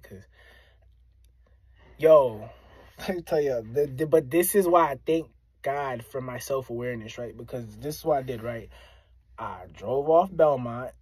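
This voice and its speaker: A man's voice: medium pitch, unhurried, pauses often, slightly rough, no echo. A man from Springfield, Massachusetts, a rapper, telling a story casually and talking straight to his listeners, often repeating himself for emphasis. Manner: animated, addresses listeners directly, repeats phrases for emphasis.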